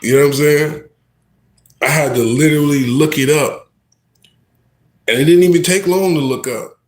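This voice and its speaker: A man rapper telling a story on a casual livestream, animated and slangy, often turning to the listener. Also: on the high side, normal speed. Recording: echoey room.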